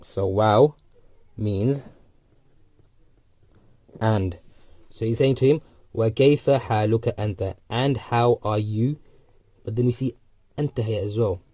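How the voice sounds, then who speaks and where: Man, low voice, mellow, dry close sound, patient step-by-step teacher. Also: slow pace, pauses often, dry recording. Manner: explains step by step, repeats phrases, frequent ums. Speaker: Arabic teacher. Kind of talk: recorded textbook lesson.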